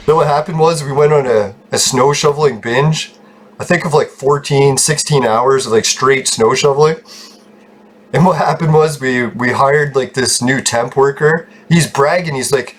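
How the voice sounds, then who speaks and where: A man's voice: medium pitch, moderate pace, slightly rough. A man telling rambling personal stories while commenting on his gameplay, swearing often and laughing at himself. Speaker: gaming YouTuber.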